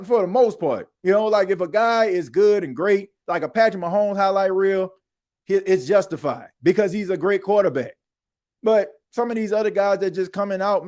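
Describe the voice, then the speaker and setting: A man's voice: sits high, darkish tone. A man hosting a sports podcast, ranting emphatically in casual slang. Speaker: podcast host. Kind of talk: animated sports talk monologue.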